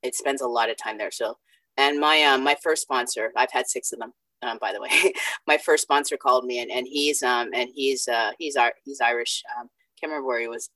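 A woman's voice: extremely low pitch, fairly quick, sharp tone, no echo, rough recording. A woman sharing her story at a recovery meeting over a video call, candid, profane and self-mocking. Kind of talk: personal share at a recovery meeting.

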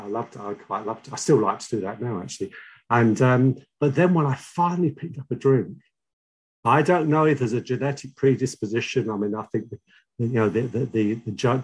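A middle-aged man with a London accent telling his own recovery story, halting and repeating words, wry and confessional. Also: medium pitch, breathy edge. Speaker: speaker sharing a recovery story. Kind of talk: personal testimony.

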